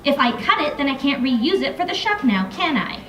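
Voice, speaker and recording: A woman's voice: sits high, sing-song, brisk, bright, forceful tone, pitched above the performer's own voice, full character voice. A woman voicing a stubborn young female fairy who answers back sharply. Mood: snappish. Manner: defiant, snappish. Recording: echoey room, mic from far off.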